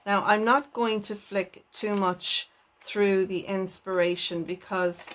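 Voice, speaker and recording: A woman hosting a papercraft unboxing video, speaking gently and often enthusing over each item. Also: mid-range voice, fairly even intonation, takes it slowly. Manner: gentle, enthuses with repeated "lovely". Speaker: papercraft channel host.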